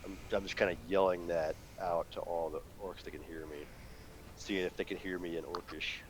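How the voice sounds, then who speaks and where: A man's voice: sits low, fairly even intonation, normal speed, a little hiss or hum. A man playing a tabletop role-playing game, chatting casually and joking with the others.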